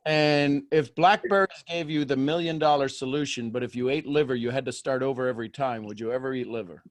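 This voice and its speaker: A man coaching someone on a call, pressing with quick rhetorical questions. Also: mid-range voice, steady tone.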